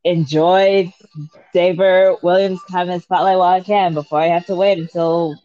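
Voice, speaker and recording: A woman, a mother, chatting casually with her son, blunt and quick to swear. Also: on the low side, steady tone, dull audio. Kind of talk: casual chat.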